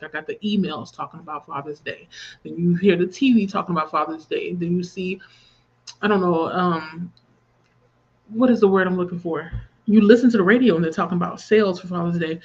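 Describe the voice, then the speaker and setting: A woman's voice: lowish voice, husky, lo-fi sound. Candid woman in her thirties on a stream. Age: 30s. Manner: candid, talking through grief and reading viewer comments aloud. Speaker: livestream host. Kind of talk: casual livestream chat.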